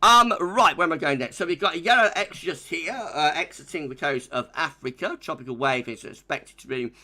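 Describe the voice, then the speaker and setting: Bright, lively streamer. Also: male voice, a little high, a little fast. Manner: chatty, reads viewer comments aloud, jokey. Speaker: weather forecaster and streamer. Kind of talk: live-streamed weather forecast chat.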